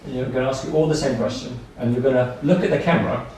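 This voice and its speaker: A fast, fairly evenly intoned man with a mid-range, slightly mellow voice trains nursery staff in a lecture. He explains things plainly, repeating ideas through everyday examples. There's a little hiss or hum, and the training room sounds echoey, recorded from far away.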